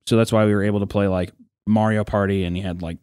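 A man's voice: lowish voice, quick pace, smooth, dry recording, clean studio sound. A young man on a podcast, telling a childhood story in casual, profane chat and acting out the people in it. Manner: animated, profane, acts out quoted voices. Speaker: podcast co-host.

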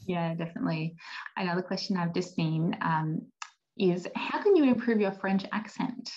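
A woman's voice: fairly low pitch, normal speed, a little mellow. Woman moderating, dull call audio. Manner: friendly, encouraging. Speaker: webinar host. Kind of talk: webinar moderation. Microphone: video call.

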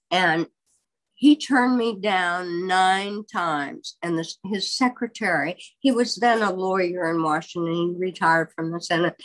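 An older woman, a biographer, telling a long story in an interview in a candid, wry and animated way. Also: on the low side, poor audio.

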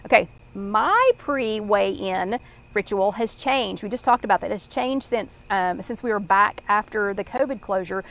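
A woman's voice: medium pitch, unhurried, fairly bright tone, rough recording. A middle-aged woman with a Southern US accent, hosting a live online workshop chat in a rambling, chatty way with many fillers. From American South.

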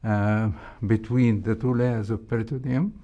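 Slow, mellow older man with an Egyptian accent. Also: fairly low pitch, fairly even intonation, highs cut off. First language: Arabic. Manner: slow, measured, with frequent hesitations. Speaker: interview guest, heart surgeon. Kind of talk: reflective interview storytelling.

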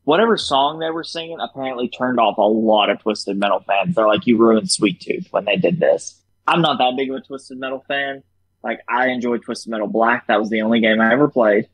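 On a podcast with poor audio, a young male co-host talks fairly quickly in a medium-pitched voice. He recaps a TV episode animatedly, swearing freely and laughing while acting out scenes.

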